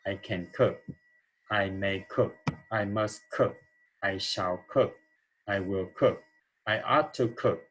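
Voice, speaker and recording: A man's voice: lowish voice, slow pace, long pauses, fairly bright tone, a little hiss or hum, low-quality recording. A man teaching an English grammar lesson, explaining answers step by step and checking in with "okay?" as he goes.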